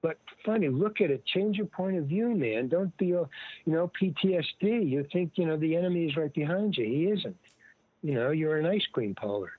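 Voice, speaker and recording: A man's voice: a little high, lively intonation, a little fast, dry recording. An older man telling stories in a rambling, digressive way, often restarting and quoting other people. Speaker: guest. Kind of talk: rambling casual storytelling. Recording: tinny phone-like line, dry.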